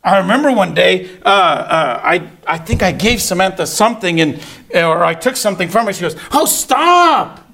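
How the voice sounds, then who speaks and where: A man's voice: sits high, a little fast, vocal fry, sharp tone. A middle-aged man preaching a sermon, telling a family story and acting out the voices of his family. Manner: storytelling, acts out family dialogue.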